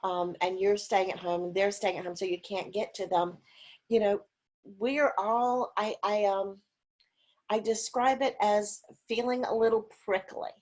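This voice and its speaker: A woman's voice: medium pitch, steady tone, unhurried, darkish tone. Chatty woman speaking over a video call. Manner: demonstrative, acts out voice examples; chatty with frequent fillers. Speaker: conference speaker on caregiving.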